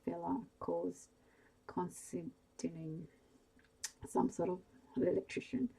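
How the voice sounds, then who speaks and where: A woman voicing a resigned Cornish farm woman in her sixties, softly within a bedtime story reading. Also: lowish voice, slow pace, creaky, slightly rough, heavily acted. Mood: weary. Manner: plain, resigned country speech. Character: weary older Cornish farm woman, worn down. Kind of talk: soft ASMR bedtime story narration.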